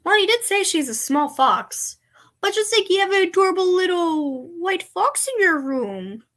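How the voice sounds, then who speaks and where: A woman with a high voice chats casually as she reacts to clips, giggling often and now and then sinking into a soft whisper. Her tone is bright and ringing. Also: sing-song, normal speed. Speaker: video reaction host and voice actor.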